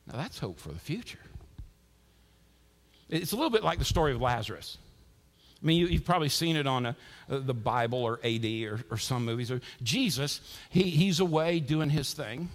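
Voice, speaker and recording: A man preaching a sermon as a pastor, swinging between loud, emphatic lines and hushed ones. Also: a little high, expressive, moderate pace. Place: church sanctuary with a congregation. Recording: long reverb from a large hall.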